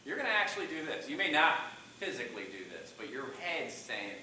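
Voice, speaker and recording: A man's voice: mid-range voice, big pitch swings, brisk, hardly any pauses, pushed and bright, a little hiss or hum. A middle-aged man teaching a public speaking class, questioning the students and shifting his volume often. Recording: echoey classroom from far off.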